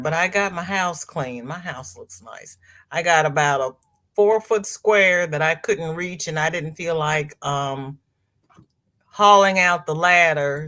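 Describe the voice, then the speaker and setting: Reading live chat aloud from home, a middle-aged woman hosts a casual stream and chats with her audience, laughing and exclaiming at the comments. Her voice leans low with a slightly bright quality.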